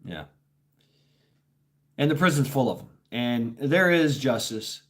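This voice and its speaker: A man's voice: medium pitch, lively intonation, slow pace. Rambling, foul-mouthed man telling stories. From Tennessee, USA. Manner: rambling, blunt and profane, many fillers. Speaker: livestream host. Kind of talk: casual livestream storytelling.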